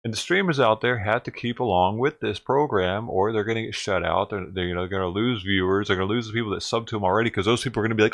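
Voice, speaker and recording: A man's voice: on the low side, quick pace, few pauses. A man doing a sarcastic, profane rant as a livestreamer, mocking and riled up. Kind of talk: ranting livestream commentary.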